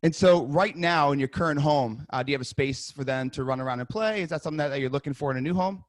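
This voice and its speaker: A man runs a sales coaching session over a video call, role-playing an agent in an upbeat, conversational way. His voice sits somewhat high for a man. The sound is dry and close. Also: no room sound. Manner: upbeat, conversational, rapid restarts. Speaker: real estate sales coach.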